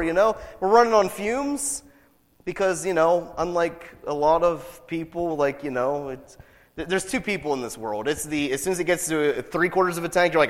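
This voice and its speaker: A man with a high voice preaches a sermon in a church sanctuary. His words ring out with a long hall reverb. He builds to loud declarations, then sinks to a soft, intimate tone as he leads a prayer. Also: moderate pace. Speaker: pastor.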